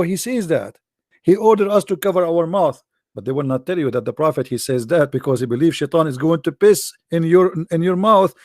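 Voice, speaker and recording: A gravelly-voiced man talks in a mocking, sarcastic commentary. He drags out quotes slowly and pitches his voice a little high. The sound is dry and close to the mic. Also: dark tone, dry recording. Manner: sarcastic, sing-song mockery with slow drawn-out quoting.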